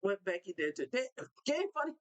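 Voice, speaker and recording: A young woman hosting a live basketball talk show, ranting in an animated way and repeating herself for emphasis. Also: medium pitch, moderate pace, rough recording. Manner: animated, repetitive, fired-up ranting. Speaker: show host.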